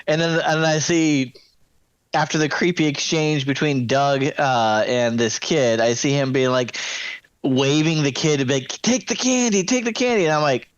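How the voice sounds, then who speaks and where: A player in a tabletop game chatting casually and excitedly. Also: mid-range voice, moderate pace, clean tone, no room sound, lo-fi sound. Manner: animated, excitable.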